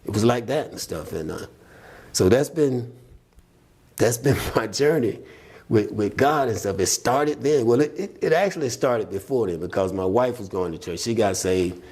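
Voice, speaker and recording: A man's voice: medium pitch, animated, normal speed, darkish tone, breathy edge. A man as a podcast guest, telling his faith testimony in an earnest, reflective, conversational way and acting out what people said. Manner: earnest, reflective, retells scenes by voicing people.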